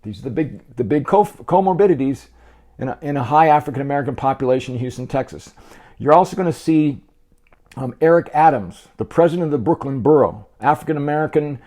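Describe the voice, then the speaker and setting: A man's voice: fairly high pitch, animated, brisk, dark tone. A man hosting a casual health video, talking to the camera between bites, chatty and encouraging, often repeating and restarting words. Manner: encouraging, speaks straight to the viewer. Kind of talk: casual talk to camera while eating.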